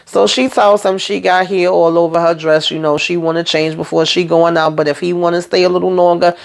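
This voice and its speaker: A woman's voice: on the low side, fairly even intonation, brisk, vocal fry. A woman hosting a casual TV episode recap, retelling scenes in a chatty, slangy way full of fillers. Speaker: TV show recap host.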